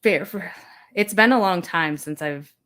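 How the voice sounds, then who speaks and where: Low-voiced woman panel guest. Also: a little slow, a bit bright. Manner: thoughtful, laughs at own slips. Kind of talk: live online panel chat.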